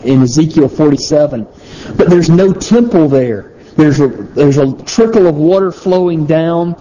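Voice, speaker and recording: A man preaching a sermon, teaching through a Bible passage in a conversational way, pausing and restarting phrases as he thinks aloud. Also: fairly high pitch, warm tone, muffled recording, slight background noise.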